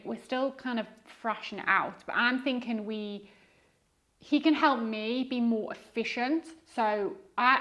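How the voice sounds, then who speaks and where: A woman from Liverpool, England, speaks with a softened, diluted Scouse accent and a fairly high pitch. She's a guest eBay reseller in a casual podcast chat, rambling with many fillers and restarts.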